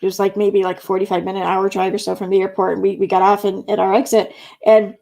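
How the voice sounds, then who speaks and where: A middle-aged woman speaks as she hosts a relaxed live stream. She reads viewer comments aloud and chats about them, laughing often. Her voice has a gravelly fry at a middling pitch. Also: fast. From Central New York. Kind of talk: casual live stream chat reading comments.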